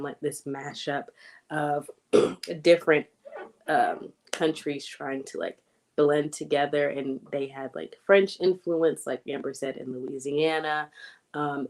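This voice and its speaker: A low-pitched American woman speaks as a native-speaker guest. She explains thoughtfully and casually, with the odd "um" and "like". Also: takes it slowly. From United States. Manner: thoughtful, with "like" and "um" fillers.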